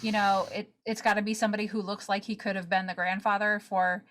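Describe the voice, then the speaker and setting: A podcast co-host chats casually and shares her opinions in a conversational, opinionated way. Her medium-pitched, slightly bright voice stays level, and she talks quickly.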